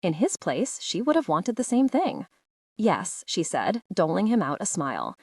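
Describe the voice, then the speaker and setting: A woman narrating a literary short story audiobook in a measured, expressive storytelling manner. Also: fairly low pitch, no echo, clean studio sound.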